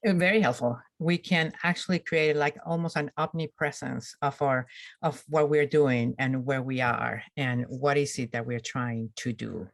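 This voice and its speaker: A woman hosting an interview, speaking in a thoughtful, measured way with frequent ums. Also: rumbling low, steady tone, gravelly, dry recording. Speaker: host interviewer. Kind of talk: conversational summit interview.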